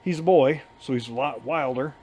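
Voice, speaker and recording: A man's voice: mid-range voice, moderate pace, a little mellow, a little hiss or hum. A man co-hosting a casual podcast, telling a long story in a rambling, profane way and laughing as he goes. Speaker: podcast co-host. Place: bar.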